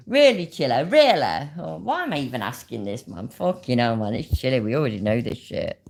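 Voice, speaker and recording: A woman's voice: very deep voice, very animated, brisk, creaky, few pauses, a little mellow. A woman giving casual, sweary reaction commentary while reading her chat. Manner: swears a lot, laughs, talks to the chat. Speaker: commentary streamer.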